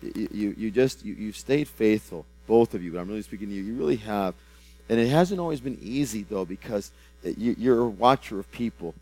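A man in prophetic ministry delivers a personal word over someone, fervent and repetitive, lurching from loud outbursts to soft, low dips and tripping into restarts. His intonation is lively and his pace a little fast, though the audio is poor.

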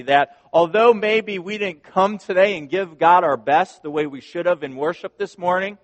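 Man preaching in a reverberant hall. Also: sits high. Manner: conversational storytelling with laughs and asides. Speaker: pastor. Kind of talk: sermon.

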